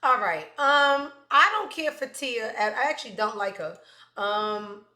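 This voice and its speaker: A woman's voice: fairly high pitch, expressive, a little slow, bright, forceful tone, echoey room. A woman hosting a casual livestream, chatting in a rambling, profane way with plenty of asides. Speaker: host.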